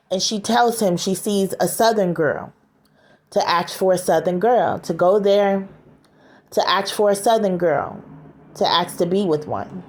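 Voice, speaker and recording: A woman casually retelling a story scene aloud, halting, with frequent fillers and restarts. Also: medium pitch, a little mellow.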